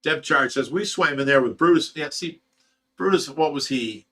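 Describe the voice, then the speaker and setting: A man with a fairly high, slightly bright voice speaks at a moderate pace while running a casual fish rescue livestream. He reads viewer comments and responds bluntly and loosely, chuckling a lot.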